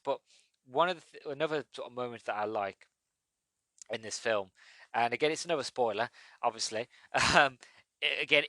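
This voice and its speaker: A man hosting a podcast, giving a casual movie review in a rambling, animated way with many restarts. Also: mid-range voice, smooth, no echo. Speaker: podcast host.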